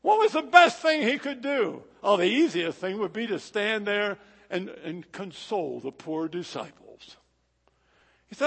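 High-voiced man preaching a dramatic sermon. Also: very animated, a little slow, vocal fry, husky. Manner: dramatic, rhythmic delivery swinging from loud to hushed. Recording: echoey hall.

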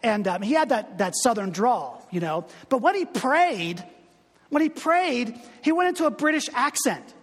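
A man's voice: very high-pitched, very animated, unhurried, in a large hall. A male pastor giving a conversational, humorous sermon full of asides.

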